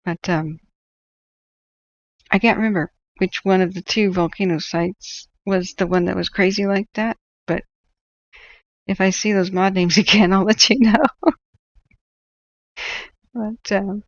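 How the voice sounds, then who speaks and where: A woman's voice: medium pitch, steady tone, measured pace, long pauses, highs cut off. A woman from northern California hosting a livestream, telling rambling stories with frequent laughs. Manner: rambling storyteller, laughs often. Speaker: livestream host. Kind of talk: casual chat while tracking wildfires.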